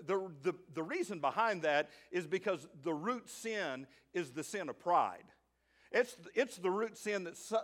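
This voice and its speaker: A middle-aged male pastor preaching a sermon to his church, swinging between loud emphasis and quiet asides, slowing down to read scripture. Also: high-pitched. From Arkansas, USA. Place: church sanctuary.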